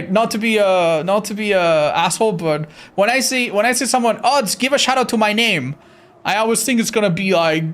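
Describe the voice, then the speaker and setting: A man chatting casually on a livestream, reading chat, swearing freely and laughing often; English is not his first language. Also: high voice. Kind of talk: casual live-stream chat.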